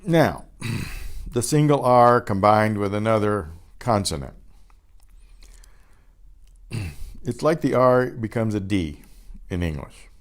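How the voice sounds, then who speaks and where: Slow, deep-voiced man teaching pronunciation. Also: animated. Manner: models words slowly and repeats each one twice; clears his throat often. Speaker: Spanish teacher. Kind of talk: pronunciation lesson.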